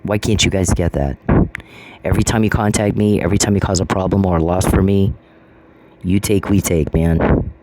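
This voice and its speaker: A man's voice: low-pitched, moderate pace, dark tone. A man in an angry monologue, confrontational and profane, repeating taunting questions. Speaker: vlogger. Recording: noisy recording with clicks.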